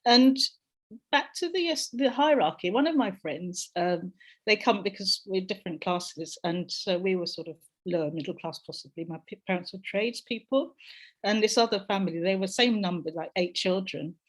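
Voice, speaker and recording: A woman raised in London by a Jamaican family reflects on her childhood in an unhurried personal account. She pauses often and reaches for words with ums and small restarts. Her voice sits at a middling pitch for a woman. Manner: thoughtful, hesitant, frequent ums and restarts. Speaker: interviewee sharing language experiences.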